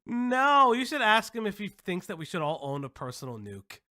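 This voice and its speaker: A man's voice: high-pitched, very animated, moderate pace, pushed and bright. A man hosting a live reaction stream, mocking what he watches with incredulous remarks and bursts of laughter. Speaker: commentary stream host.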